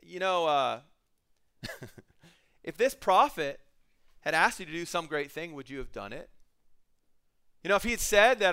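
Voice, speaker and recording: Man, middle-aged, pastor, sermon, joking storyteller, high pitch, bright clear voice. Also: big pitch swings, moderate pace, pauses often. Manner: casual, joking storyteller who acts out scenes.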